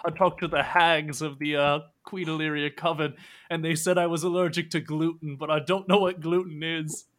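A man's voice: fairly high pitch, flat delivery, moderate pace, lightly acted. A man voicing a clumsy, nervous, apologetic big male sailor in a tabletop game, stammering through his apologies. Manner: flustered, stammering, loud apologies. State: nervous sweat.

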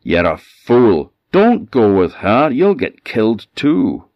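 A storyteller with a Scottish Orkney accent voicing a surly, unfriendly coach driver who speaks curtly and dismissively. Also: male voice, low-pitched, slow, dry recording, highs cut off. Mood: scolding. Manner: curt, dismissive.

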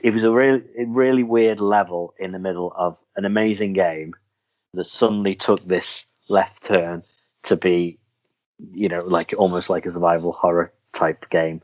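Deep-voiced man hosting a casual chat. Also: darkish tone. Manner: rambling, halting restarts, chatty. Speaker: podcast host. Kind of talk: casual chat about films and games. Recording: dull lo-fi recording.

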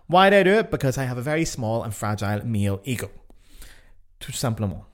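A Northern Irish man talking straight into a podcast mic in a loose, unscripted monologue. He is blunt and swears freely. He pokes fun at himself with a dry edge, at a medium pitch. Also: very animated, fast talker. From Northern Ireland. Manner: blunt, sweary and self-mocking. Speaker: podcast host.

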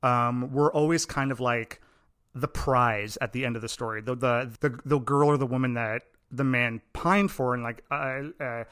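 A man from Long Island hosting an interview, talking like an excited fan with jokey asides. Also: medium pitch, clean tone, no echo, clean studio sound. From Long Island, New York. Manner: enthusiastic fan, rapid jokey delivery. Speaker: podcast host. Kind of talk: casual interview chat.

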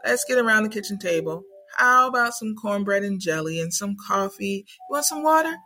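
A woman voicing kindly elevated ancestor spirits who coax and gently scold in a motherly way. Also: mid-range voice, expressive, fairly quick, soft background music.

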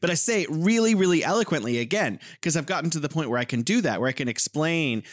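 A man with a fairly high voice that swings widely in pitch co-hosts a podcast. He tells stories in a chatty, thoughtful way, and the recording is dry and close with no room sound. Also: quick pace, no room sound. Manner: expressive storyteller, thoughtful and chatty. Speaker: podcast co-host. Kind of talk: casual conversational chat.

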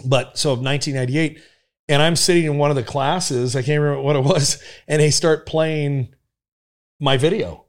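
A man's voice: fairly high pitch, normal speed. A middle-aged man from Nebraska, a former police officer, telling vivid stories as a guest on a podcast and swearing casually. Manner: animated, vivid storyteller who swears casually. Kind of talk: casual storytelling in a podcast interview.

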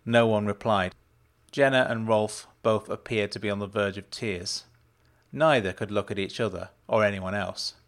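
A man narrating a first-person story in a measured, plain reading. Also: lowish voice, steady tone.

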